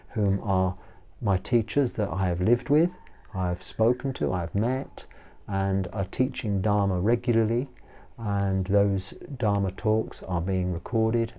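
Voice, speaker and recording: English monk in his 50s, low voice, chatty and rambly, lots of ums. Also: warm tone. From England. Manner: rambling and hesitant, full of ums and restarts. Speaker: Buddhist monk. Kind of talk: casual talk answering a viewer question.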